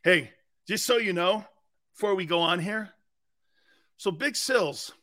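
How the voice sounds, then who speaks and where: High, bright-voiced man telling rambling stories. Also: measured pace. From Sicilian-American heritage. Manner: rambling storytelling, acting out quoted voices; laughs often between lines. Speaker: sports radio host. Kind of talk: animated sports talk show banter.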